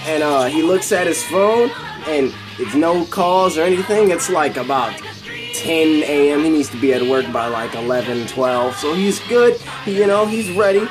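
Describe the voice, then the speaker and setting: A man's voice: a little high, expressive, normal speed, music in the background. A man casually retelling a film scene by scene, rambling and repeating himself as he goes. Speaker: video host.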